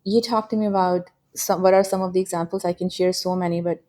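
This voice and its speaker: A woman's voice: lowish voice, steady tone, fast talker, dark tone. A middle-aged woman from Pakistan with a Pakistani accent, a guest in an interview telling her story earnestly and laughing often. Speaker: guest, security executive. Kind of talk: reflective interview talk.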